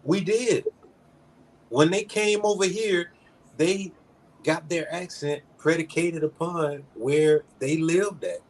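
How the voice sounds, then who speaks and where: A man's voice: fairly high pitch, slow pace, darkish tone, a little hiss or hum, rough recording. A man from South Georgia, hosting a casual chat and explaining things at length, with emphasis and some swearing. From South Georgia, United States. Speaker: podcast host.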